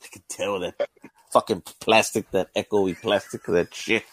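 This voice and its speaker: A man's voice: lowish voice, a little slow. A man in casual chat, joking and swearing as he tells stories. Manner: joking, swearing, lively delivery.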